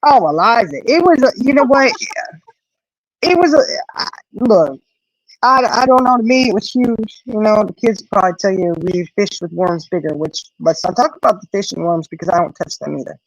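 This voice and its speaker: Middle-aged woman, casual live-stream chat, lively storyteller, dry lo-fi sound. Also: medium pitch, normal speed, no room sound. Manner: animated storyteller, acts out quoted voices, frequent "you know".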